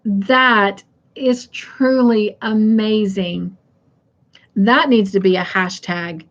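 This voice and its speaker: Middle-aged woman, live-stream host, slow easy pace, chatty, reads comments aloud, laughs easily, slightly muffled audio. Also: medium pitch. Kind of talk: casual live-stream chat.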